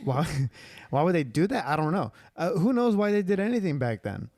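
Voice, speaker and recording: A man's voice: a little high, sing-song, fairly quick, a little mellow, no echo, clean studio sound. A young man, a stand-up comedian, chatting as a podcast guest in a laid-back way full of fillers. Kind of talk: casual comedic chat.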